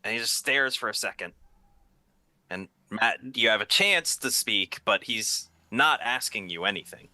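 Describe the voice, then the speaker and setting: Bright-voiced male game master. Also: on the low side, lively intonation, measured pace, no echo. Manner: hesitant, repeats words. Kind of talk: narrating a tabletop game.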